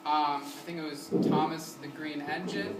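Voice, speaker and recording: Male music teacher, energetic classroom delivery with quick questions and sung demos; distant, roomy recording with background noise. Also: a little high. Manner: sings short syllables to demonstrate. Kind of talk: classroom lesson. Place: community center room.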